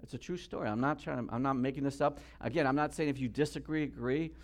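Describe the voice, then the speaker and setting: A man preaching a sermon as pastor, telling stories earnestly with restarts and dropping to a hushed tone for serious points. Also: medium pitch, fast. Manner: earnest storytelling with many restarts.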